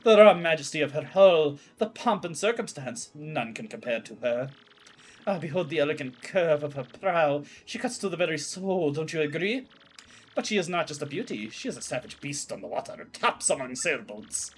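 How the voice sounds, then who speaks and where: A man's voice: fairly high pitch, animated, moderate pace, a little hiss or hum, close to an everyday voice. A man voicing a pompous, flamboyant male ship owner who speaks in a grand, theatrical manner. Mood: grandiose.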